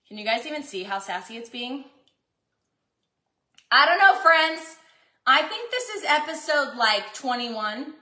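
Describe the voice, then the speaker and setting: Chatty high-voiced woman. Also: sing-song, measured pace, pushed and bright, echoey room. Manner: chatty, self-mocking, dramatic pleas for help. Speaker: cooking vlog host. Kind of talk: casual kitchen chat to viewers. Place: home kitchen.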